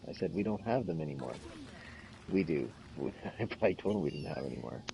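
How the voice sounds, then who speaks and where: A man's voice: rumbling low, expressive, fairly quick, gravelly, noisy background. A man hosting a gaming stream, chatting casually and rambling through funny stories with frequent laughs. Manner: rambling storyteller, laughs often. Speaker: game stream host. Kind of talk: casual chat while gaming.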